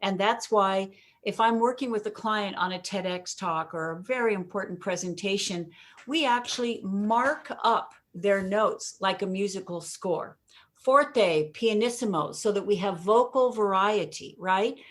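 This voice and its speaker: A woman talks as an interview guest about how to deliver a message. She performs her examples with deliberate pauses and drawn-out words. She laughs easily as she goes. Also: medium pitch. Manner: expressive, demonstrates delivery with pauses and emphasis; laughs often while talking. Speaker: communication coach, guest.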